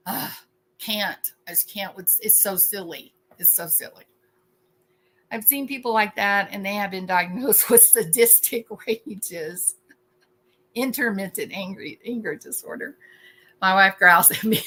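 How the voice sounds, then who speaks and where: A woman in her forties hosting a casual livestream, animated and wry, laughing often as she reacts to chat. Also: mid-range voice, takes it slowly, long pauses. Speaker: host.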